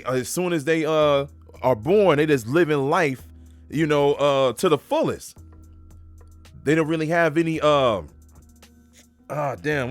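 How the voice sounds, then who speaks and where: A man preaching casually while reading scripture aloud. He is emphatic, uses street-talk phrasing and keeps saying "man.". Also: on the high side.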